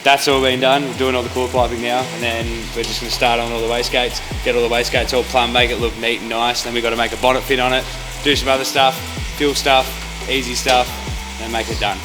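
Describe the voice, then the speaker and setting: A man's voice: mid-range voice, level tone, fast. A man, a mechanic casually explaining the build in a garage and shrugging off the work as easy. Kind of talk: casual workshop chat. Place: home garage workshop. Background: music.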